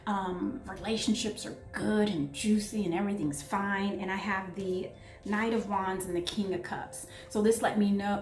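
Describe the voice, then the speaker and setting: A woman giving an excitable, gushing tarot reading, talking straight to her viewers. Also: medium pitch, echoey room. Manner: excitable, gushing, breathless asides. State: out of breath. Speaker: tarot reader.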